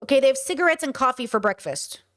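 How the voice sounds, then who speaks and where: Brief: high-pitched woman host, loose, swearing, jokey reaction talk. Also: fast. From United States. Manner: animated, profane, joking. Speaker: commentator reacting to a video. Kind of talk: casual reaction commentary. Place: living in Croatia.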